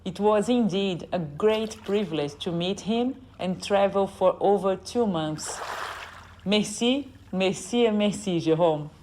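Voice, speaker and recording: A woman's voice: medium pitch, a little slow, mellow, slight background noise. A woman from Brazil hosting a podcast interview, nasal from a cold, speaking with eager enthusiasm. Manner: enthusiastic, repeats words for emphasis. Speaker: podcast host. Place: guest's home on an island.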